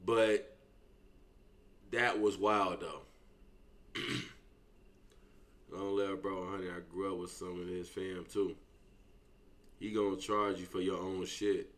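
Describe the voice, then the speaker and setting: A man's voice: deep voice, little pitch movement, slow pace, long pauses, a bit bright. Slangy man reacting casually. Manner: loose, slangy and profane, talks straight to viewers. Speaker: reaction streamer.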